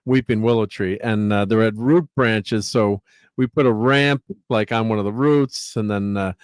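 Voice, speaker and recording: A man chatting casually as co-host, easygoing and quick to chime in with agreement. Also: on the low side, fairly even intonation, clean tone, no echo, studio quality. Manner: easygoing, frequent agreeing interjections. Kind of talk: casual chat.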